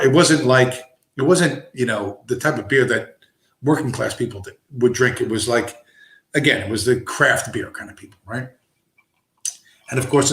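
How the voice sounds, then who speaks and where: A man's voice: mid-range voice, a bit bright. A man streaming, telling a rambling story with heavy swearing and constant asides. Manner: profane, digressive, lots of fillers. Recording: roomy echo.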